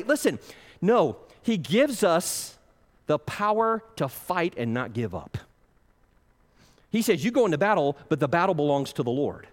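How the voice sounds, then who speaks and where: A man preaching a sermon as pastor, passionate, swinging between loud pleading and hushed intensity. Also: high voice, sing-song, moderate pace, big-room sound.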